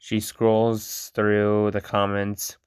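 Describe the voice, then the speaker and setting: Slow, flat-voiced man reading a chat. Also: lowish voice, clean tone, dry recording, studio quality. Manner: monotone reading with stumbles and blunt reactions. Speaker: channel host reading an AI chat. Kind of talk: reading a chatbot role-play aloud.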